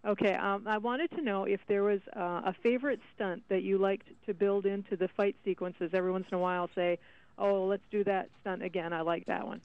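A woman's voice: mid-range voice, steady tone, brisk, no echo. Polite woman calling in by phone. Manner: polite, friendly, a bit hesitant. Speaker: caller. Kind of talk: phone-in call. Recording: dull dry phone line.

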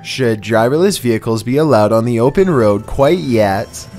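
A man reading a scripted narration for a countdown video in an even, measured way. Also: medium pitch, faint music behind.

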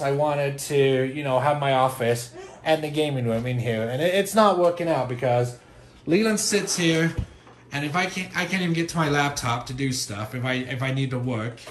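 Exasperated dad rambling at home. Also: male voice, fairly high pitch, a little hiss or hum. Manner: exasperated, rambling with many fillers. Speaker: dad and family channel host. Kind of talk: casual vlog venting to camera. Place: family home, office and basement.

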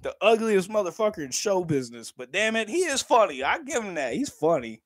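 A man's voice: high voice, sing-song, a little fast, no room sound, studio quality. A man in his thirties chatting casually on a livestream, laughing often, swearing freely and talking straight to his viewers. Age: 30s.

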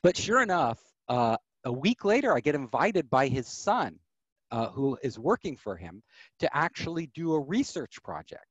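A middle-aged man, a podcast guest, telling stories of his career in an animated way and acting out the voices of people he quotes. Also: on the high side, moderate pace, breathy edge, dry recording, highs cut off. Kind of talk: storytelling interview.

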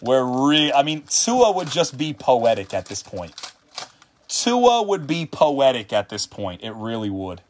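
A man hosting a trading card break livestream, calling out player names in casual commentary and getting excitable, even shouting, over big pulls, tired and hungry late in a long stream. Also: mid-range voice, a little slow.

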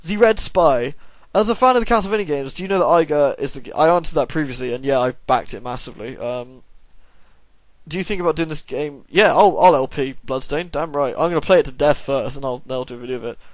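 A tired, yawning young man who hosts a YouTube gaming channel casually reads out and answers viewer questions, rambling with dry, self-deprecating humour. His voice is on the high side and quick, with no room sound.

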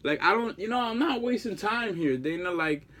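A man's voice: high-pitched, animated, normal speed, fairly bright tone. A man in his thirties, a jilted ex-boyfriend, delivering a rambling, pleading monologue full of slang and repeated fillers. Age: 30s. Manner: casual profane slang.

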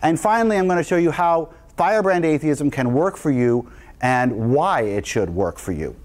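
A man giving an energetic, emphatic public lecture as the guest speaker to a live audience in a lecture room. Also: on the high side, moderate pace.

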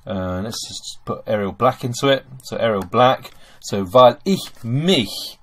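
A man's voice: on the low side, normal speed, fairly bright tone. A man teaching German grammar over a screen recording, chatty and full of okays and fillers.

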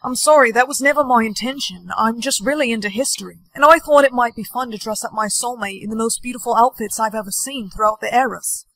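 A woman playing a shy young man who is a sweet, history-loving soulmate, soft-spoken and apologetic. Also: on the high side, fast talker, few pauses, dry recording. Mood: sheepish. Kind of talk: TikTok POV skit acting.

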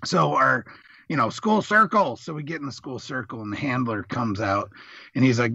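Gravelly profane veteran telling war stories. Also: male voice, mid-range voice, normal speed, sharp tone, no echo, muffled recording. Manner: profane, rambling with restarts. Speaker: podcast guest, Marine veteran. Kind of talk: casual storytelling chat.

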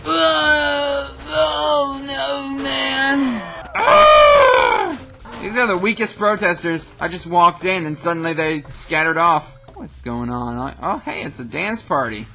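A young man doing goofy, excitable let's play commentary as a gaming YouTuber, often breaking into shouts. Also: fairly high pitch, normal speed, music in the background.

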